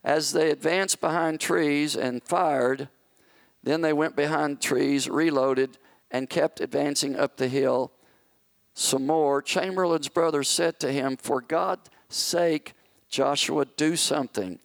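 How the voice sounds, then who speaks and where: A pastor preaches with a dramatic storyteller's flair, acting out the people in his story. His voice is a touch high and gravelly, and the sound is dry and close. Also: steady tone, takes it slowly, dry recording. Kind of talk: sermon storytelling.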